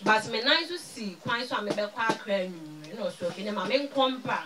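A woman's voice: medium pitch, expressive, fairly quick, a loud crowd. Ghanaian woman giving a far-off testimony. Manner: mixes Twi and English, swings from loud to very soft. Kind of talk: spoken testimony.

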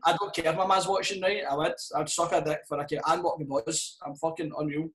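A man's voice: on the high side, steady tone, quick pace, very noisy. A Scottish man and comedian chatting casually on a podcast, swearing a lot and laughing through his stories. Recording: roomy echo.

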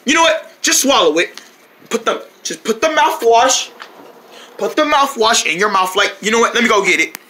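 A performer playing several characters in a playful comedy skit, switching quickly between them and breaking into shouts. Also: mid-range voice, animated.

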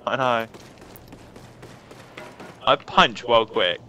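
A man's voice: mid-range voice, drawn-out words, sharp tone, lo-fi sound. A man chatting casually as a co-player during a game, laid-back and self-deprecating. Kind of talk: casual gaming chat. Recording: noticeable background noise.

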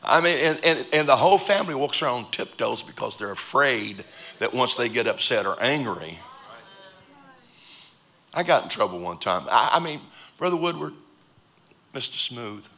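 A man preaching a sermon in a church, joking with sudden loud outbursts and quiet asides. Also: mid-range voice, animated, normal speed, long pauses. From United States. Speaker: pastor. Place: church auditorium.

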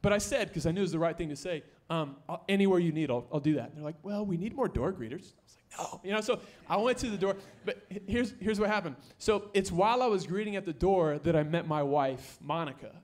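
A young man with a fairly high voice preaches from the stage of a church, speaking into a microphone. He is lively and playful, and he pushes his voice up loud and high when he wants to drive a point home. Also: fast talker, few pauses. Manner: energetic, joking, rising to near-shouts for emphasis. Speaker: pastor. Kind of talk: sermon. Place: church sanctuary.

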